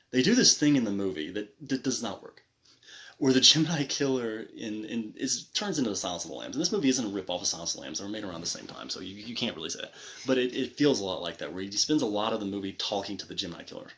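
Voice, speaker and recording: A man's voice: fairly low pitch, lively intonation, fast talker, a bit bright. A man reviewing a movie in casual, rambling commentary, full of restarts and asides. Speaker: film reviewer.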